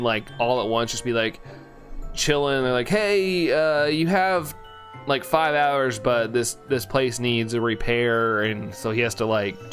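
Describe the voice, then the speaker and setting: A man's voice: medium pitch, a bit bright. Chatty, joking man streaming a game. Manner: chatty and rambling, playful jokes and laughter. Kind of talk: casual live-stream chat with chat readers.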